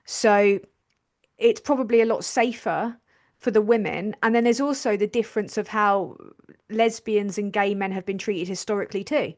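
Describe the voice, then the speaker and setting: A woman's voice: mid-range voice, moderate pace, a little mellow. A woman co-hosting a live stream, chatting casually, reading out viewer messages and laughing often. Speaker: co-host reading super chats.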